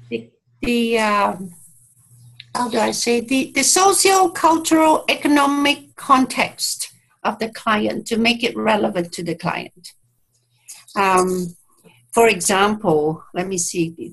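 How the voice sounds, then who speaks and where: A woman's voice: mid-range voice, fairly bright tone, low-quality recording. A woman therapist telling a client story in an interview, speaking reflectively, with hesitant restarts and quoted dialogue, over a video call. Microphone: video call mic.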